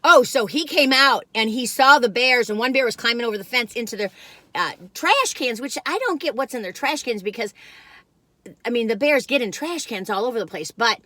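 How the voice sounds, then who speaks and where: Older woman, folksy rambling food vlogger, bright and dry close sound. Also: a little high, lively intonation, fairly quick, no echo. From Western North Carolina. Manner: rambling, folksy, many fillers and restarts. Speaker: food reviewer. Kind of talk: casual chatty storytelling.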